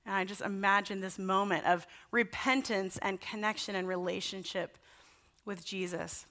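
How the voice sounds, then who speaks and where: A woman pastor in her thirties delivers a relaxed, conversational sermon with a bright, clear tone. She tells stories as she goes and keeps things loose with everyday fillers. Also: mid-range voice, moderate pace. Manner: warm anecdotal storytelling with casual fillers.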